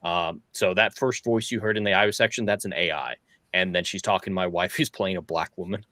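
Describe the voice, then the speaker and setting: A man's voice: deep voice, fairly even intonation, a little fast, sharp tone, no echo. A man hosting a casual podcast chat, explaining things with easy laughs. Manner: chatty, explains with little laughs. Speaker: podcast host and audio drama producer.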